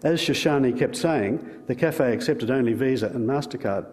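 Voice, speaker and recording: A man with an Australian accent reading a short story aloud in a measured, dry manner. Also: mid-range voice, a little mellow, long reverb tail. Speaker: reader.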